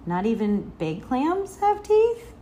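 A bright, sing-song little girl with a loose tooth, as a woman puts her on while reading a storybook. She pipes up high and chirpy, pushing her voice well above a grown-up register, and asks question after question with wide-eyed eagerness. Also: very animated, takes it slowly, a little hiss or hum. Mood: curious.

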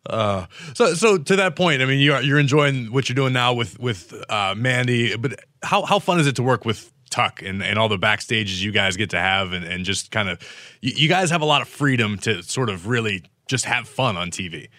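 Male interviewer, forceful tone, dry close sound, wry asides. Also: medium pitch, lively intonation, moderate pace, dry recording. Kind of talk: casual interview.

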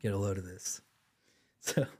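A man's voice: low voice, measured pace, a little mellow, slightly rough. A young man from Georgia co-hosting a casual comedy podcast, laughing often and acting out stories in quoted voices. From Georgia, USA. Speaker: podcast co-host.

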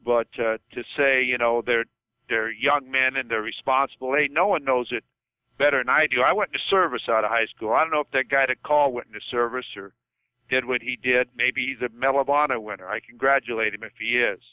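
A man's voice: mid-range voice, a little fast, smooth, no room sound. Passionate older man on a tinny phone line. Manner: passionate, repeats himself, says okay. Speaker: football coach guest. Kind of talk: podcast phone-in chat.

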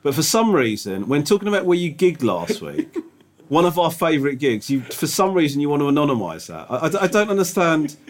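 A touring comedian co-hosting a podcast, talking in a teasing, expressive way. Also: male voice, fairly high pitch, fairly quick. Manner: teasing, expressive, lively delivery. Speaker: podcast co-host. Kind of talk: casual chat.

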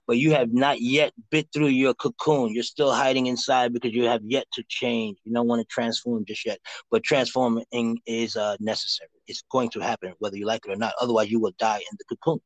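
This Harlem man speaks with a New York accent in a steady, mid-range voice, a little fast, on a poor recording with no echo. On a live show he gives callers loose, slangy tarot readings, riffing playfully in street talk.

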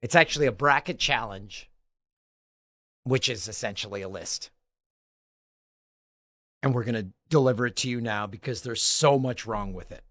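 A man in his forties hosting a podcast in casual chat, animated and jokey, laughing often. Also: mid-range voice, normal speed, long pauses, no echo, clean studio sound. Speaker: podcast host.

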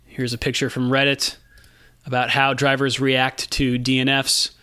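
A man's voice: mid-range voice, moderate pace, clean tone, no echo, studio quality. Laid-back man hosting a chatty podcast. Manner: relaxed, laughs often, many fillers. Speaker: podcast host. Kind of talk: casual chat.

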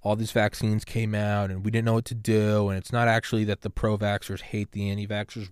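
A man's voice: lowish voice, fairly even intonation, fairly quick, a little mellow, clear, resonant tone, no room sound, studio quality. A man hosting a solo podcast, ranting sarcastically about politics with profanity and rambling asides. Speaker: podcast host.

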